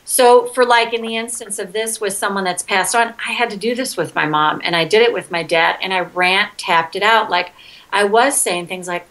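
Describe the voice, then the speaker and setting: In a low-quality recording, a middle-aged woman who practices EFT speaks as an interview guest, earnest and candid, acting out her own outbursts. Her voice is medium-pitched and fairly bright, at a moderate pace.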